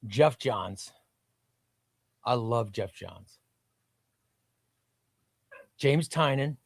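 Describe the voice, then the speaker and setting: A man's voice: mid-range voice, lively intonation, very slow, gravelly, dry recording, studio quality. Enthusiastic man hosting a live stream. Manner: enthusiastic, repeats himself, reads chat aloud. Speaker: comic book live stream host. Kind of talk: casual live stream chat.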